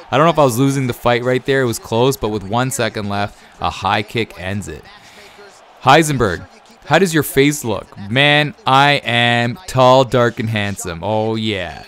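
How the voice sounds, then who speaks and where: A man in his thirties answering viewer questions in a rambling, easily excited way with many fillers. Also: on the low side. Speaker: YouTube gaming creator. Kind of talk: casual Q&A over gameplay.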